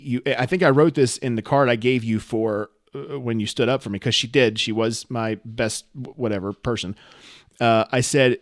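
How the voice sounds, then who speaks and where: A man co-hosting a podcast, telling a story in a casual, rambling, self-deprecating way that turns animated. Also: mid-range voice, no room sound, studio quality. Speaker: podcast co-host.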